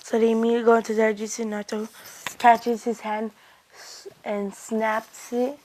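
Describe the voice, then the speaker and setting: A woman's voice: on the high side, flat delivery, normal speed, dark tone, a little hiss or hum, poor audio. A woman casually retelling an invented anime fan story, rambling along with frequent restarts and "he's like" asides.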